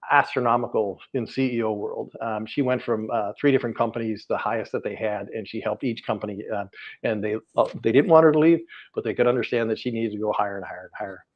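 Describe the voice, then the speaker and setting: A man's voice: fairly low pitch, fairly even intonation, fast. A middle-aged man, a guest energy healer, telling client stories in a podcast interview, earnest and rambling with many fillers and restarts. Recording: dull lo-fi audio.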